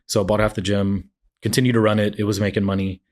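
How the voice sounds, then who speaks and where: A man's voice: lowish voice, flat delivery, quick pace, a little mellow. A man in his forties, an entrepreneur telling his story in a casual interview and acting out what others said. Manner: storytelling, acts out quotes of others. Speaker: entrepreneur guest.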